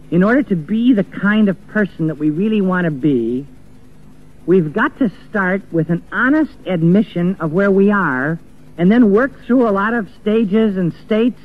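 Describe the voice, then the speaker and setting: A man preaching an earnest sermon, acting out the voices of the people he quotes. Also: high voice. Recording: tinny phone-like old recording with faint music.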